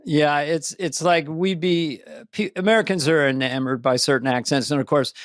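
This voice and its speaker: Older man, rambling animated podcast chat. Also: fairly high pitch, moderate pace, dry recording, clean studio sound. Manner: rambling, animated, slips into voices and accents. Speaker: podcast co-host. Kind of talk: casual chat.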